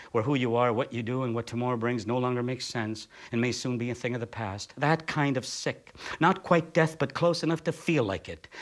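A man from Canada delivering a performed spoken essay as a theatre artist, sardonic, blunt and profane. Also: mid-range voice.

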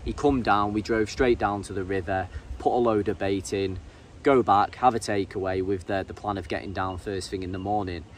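An English man narrating his fishing vlog in a casual, halting way, often repeating words and saying um. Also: on the low side, steady tone. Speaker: angler and vlogger. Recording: distant mic with faint ambient noise.

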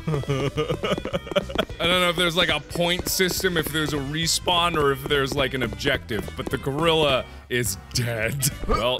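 A young man in his twenties giving excitable let's-play commentary, swearing and bursting into laughter. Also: on the high side. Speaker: gaming video host. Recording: game music behind.

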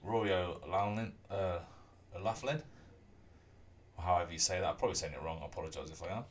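A low-pitched man rattles along quickly while playing a rugby game on stream, easygoing and meandering, humming under his breath. There's a bit of background noise.

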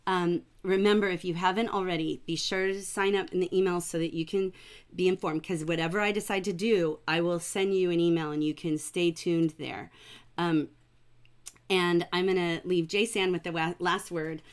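A middle-aged woman leads a livestreamed writing lesson. Her voice sits a little low, and she sounds warm and encouraging. She picks up her students' sentences with real enthusiasm. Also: steady tone, moderate pace. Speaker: teacher.

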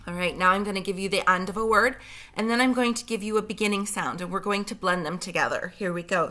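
A woman teaching a phonics lesson to young children, sounding out words slowly and clearly, with gentle encouragement. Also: medium pitch. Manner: clear, slow, drawn-out word sounding.

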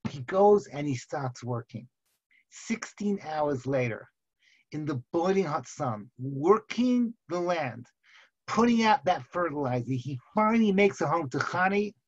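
A man, a rabbi, giving a Torah lecture in which he tells the story lively and acts out the characters. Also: fairly high pitch, a little slow. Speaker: rabbi teaching seminary students. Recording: slightly muffled recording.

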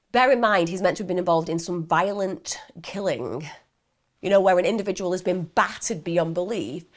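A woman telling a true crime case in a chatty way, talking directly to her viewers. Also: medium pitch.

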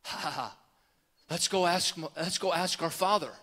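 Preacher doing soft amused jesus voice, kinda high, echoey hall. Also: male voice, steady tone, moderate pace. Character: Jesus, adult man, gentle and amused. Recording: long hall reverb.

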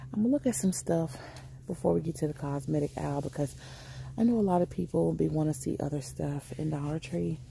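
A woman's voice: sits low, normal speed, vocal fry, warm tone, a little hiss or hum. A woman chatting casually to her viewers while she shops in a store, calling them y'all and honey. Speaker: vlogger. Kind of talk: casual shopping vlog. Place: inside a store.

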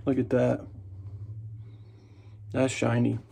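Gravelly, husky man vlogging his shave. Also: mid-range voice, takes it slowly. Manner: relaxed, chatty and jokey while shaving. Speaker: wet shaving vlogger. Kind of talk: casual shaving vlog narration.

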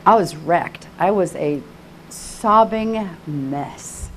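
An older woman preaching an emotional personal testimony sermon, fervent and repetitive, swinging from hushed tones to crying out. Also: on the low side, lively intonation, very slow, a little hiss or hum. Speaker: conference speaker.

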